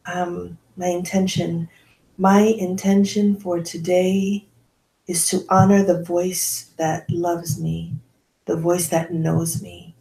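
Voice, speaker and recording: Woman host, unhurried low voice, soft affirming meditation guide, roomy sound. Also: flat delivery, creaky. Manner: slow, soft-spoken, affirming. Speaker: podcast host leading a meditation.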